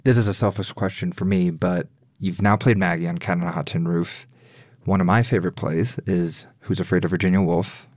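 A male radio interviewer with a very low voice asks easy, conversational questions. The sound is dry and close, like a studio mic. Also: fairly even intonation, a little fast, no room sound. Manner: conversational, warm affirming interjections. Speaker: arts interviewer, host.

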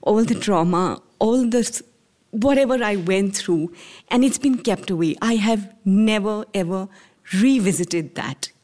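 Indian woman in her 40s telling her own story, slow halting phrases, lots of little pauses. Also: medium pitch, mellow. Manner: measured, halting, with short pauses between phrases. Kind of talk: personal storytelling talk.

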